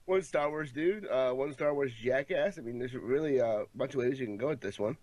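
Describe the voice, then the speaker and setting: A man co-hosting a casual podcast who talks in halting, self-interrupting bursts and keeps trying to steer the topic. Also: mid-range voice, a little mellow. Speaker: podcast co-host.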